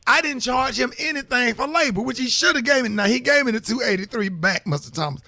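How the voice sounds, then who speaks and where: Bright, gravelly radio host. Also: male voice, very high voice, expressive, fast, no room sound. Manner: playful, teasing, stammering. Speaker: radio morning show host. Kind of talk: casual chat. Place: radio studio.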